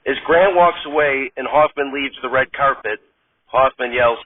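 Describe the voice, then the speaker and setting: A man narrating comedy scene directions in a flat, matter-of-fact, deadpan way. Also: mid-range voice, normal speed. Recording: tinny distant phone-like sound.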